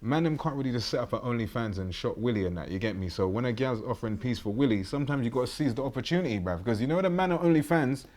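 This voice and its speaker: A man's voice: mid-range voice, expressive, quick pace, few pauses, a little mellow. A young man, bantering and joking teasingly with slang as a dating show contestant. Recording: clip with crowd noise behind.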